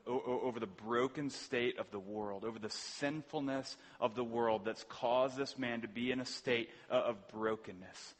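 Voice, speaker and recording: A man's voice: mid-range voice, fairly bright tone, in a large hall. A man preaching a sermon as pastor, earnest, often restarting words and asking rhetorical questions. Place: church sanctuary.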